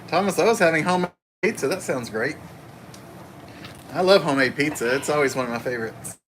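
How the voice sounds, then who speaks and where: A man hosting a casual live stream from his home kitchen, greeting viewers by name and talking fast. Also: medium pitch, noisy background. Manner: talks fast. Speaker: livestream host.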